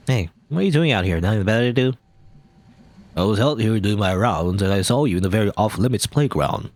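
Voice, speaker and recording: Gruff bossy small-town cop, put on by a man, low and stern, for a game playthrough. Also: expressive, brisk, darkish tone, dry recording.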